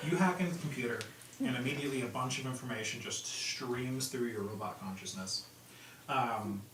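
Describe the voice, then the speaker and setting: Echoey, distant man narrating a tabletop game. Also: mid-range voice. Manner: relaxed, filler-heavy narration with many ums and likes. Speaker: game master. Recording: echoey room from far off with background noise.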